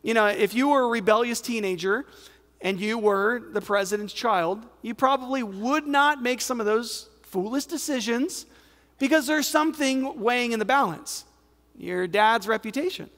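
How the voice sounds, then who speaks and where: American pastor preaching in an echoing hall. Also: male voice, very high-pitched, moderate pace, a bit bright. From United States. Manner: conversational, emphatic preaching with rhetorical questions. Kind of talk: sermon. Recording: reverberant hall.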